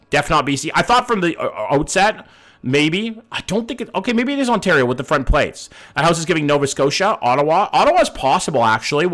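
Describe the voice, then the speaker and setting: A man's voice: medium pitch, a bit bright. A man streaming a game live, thinking aloud in a casual way, swearing now and then and greeting his chat by name.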